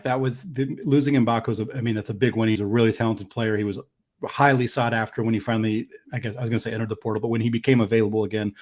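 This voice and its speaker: A man with a mid-range voice co-hosts a casual sports podcast. He speaks in a measured, analytical way and often pauses to restart a thought. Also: medium pitch, darkish tone. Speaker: podcast co-host.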